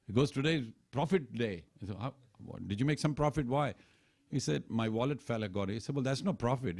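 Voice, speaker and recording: In a temple hall, a man with a lowish, slightly mellow voice delivers a storytelling sermon, recounting scripture stories and acting out the characters' lines.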